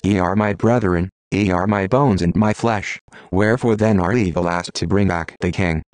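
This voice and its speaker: A man giving a steady, measured audiobook reading of archaic scripture. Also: sits low, no room sound. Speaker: scripture reader.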